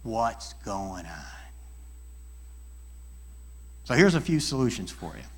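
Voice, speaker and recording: A middle-aged man and life coach giving a church talk, animated and acting out people's voices as he tells stories. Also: lowish voice, takes it slowly. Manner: animated, acts out voices in dialogues. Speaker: guest speaker and life coach.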